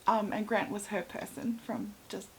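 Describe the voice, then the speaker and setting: A young woman with an Australian accent telling personal stories in a casual, chatty way, full of fillers and often sinking into a soft, breathy half-whisper. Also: medium pitch, little pitch movement, moderate pace, a little hiss or hum, low-quality recording. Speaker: vlogger.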